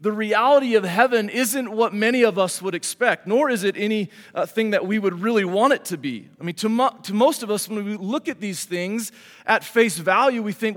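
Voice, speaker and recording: A man's voice: high voice, fairly quick, fairly bright tone. A man preaching a sermon in a conversational way, asking the congregation rhetorical questions and calling for an amen. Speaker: pastor. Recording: hall reverb.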